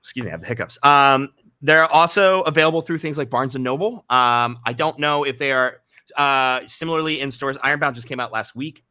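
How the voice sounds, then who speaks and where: A man's voice: medium pitch, moderate pace, pushed and bright, smooth, no room sound. A man being interviewed about his writing, talking casually with many fillers and restarts. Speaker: guest author.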